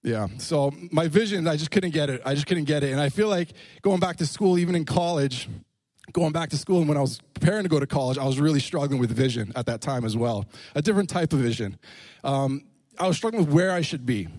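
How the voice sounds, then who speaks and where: A man's voice: a little high, expressive, quick pace, a little mellow, dry recording. Playful, jokey preacher man. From Canada. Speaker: pastor. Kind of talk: lively sermon with humor. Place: church.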